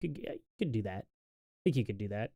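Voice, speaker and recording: A man's voice: on the low side, animated, a little fast, warm tone, dry recording. Sardonic male streamer, dry close sound. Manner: sardonic, mocking asides with frequent fillers. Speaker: live stream host reacting to videos. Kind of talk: casual reaction commentary.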